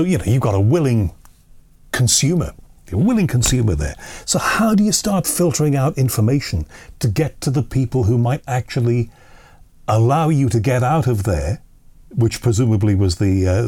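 A man's voice: mid-range voice, lively intonation, normal speed, warm tone. Man asking rambling, curious questions. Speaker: interviewer. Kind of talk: conversational interview.

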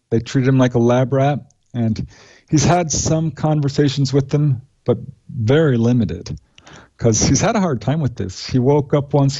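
Mellow-voiced man, author telling cases. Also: mid-range voice, lo-fi sound. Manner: recounts cases in a steady matter-of-fact way, with frequent "uh" fillers. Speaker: author and researcher, interview guest. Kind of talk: conversational interview.

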